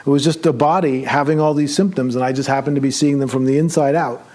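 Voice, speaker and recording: A male meditation teacher telling a personal story during a retreat talk, conversational and animated as he acts out his own excited thoughts. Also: medium pitch, quick pace. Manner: relaxed, conversational, with many fillers.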